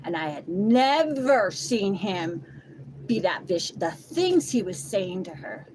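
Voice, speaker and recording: A woman's voice: medium pitch, very animated, takes it slowly, darkish tone. A woman telling a personal testimony in an emotional first-person way, blunt and heavily profane. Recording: noisy background.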